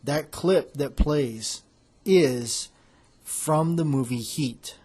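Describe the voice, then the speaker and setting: A man's voice: fairly high pitch, extremely slow, darkish tone, breathy edge. A man hosting a podcast in casual chat, rambling as he retells film scenes. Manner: rambling, loosely acting out quoted lines. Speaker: podcast host.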